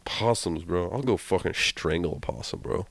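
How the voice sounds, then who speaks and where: Young guy w a lowish voice swearing thru podcast stories, dead dry mic. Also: normal speed, gravelly, dry recording. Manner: profane, blunt storytelling. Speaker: podcast co-host. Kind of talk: casual chat.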